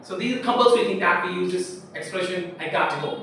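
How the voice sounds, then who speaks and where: A male teacher leads a grammar class, repeating each point and checking that his students follow. His voice sits high and sounds bright. He is recorded from a distance in a very echoey room with a faint hiss behind him. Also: gravelly. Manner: explains slowly and repeats points, quizzing students. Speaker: English teacher.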